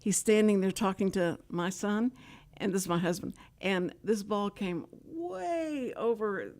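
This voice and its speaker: An older woman with a drawl hosts her talk show at an ordinary middle pitch. She chats in a casual, rambling way, piling story on story with plenty of asides. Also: expressive, measured pace, darkish tone. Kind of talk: casual chat.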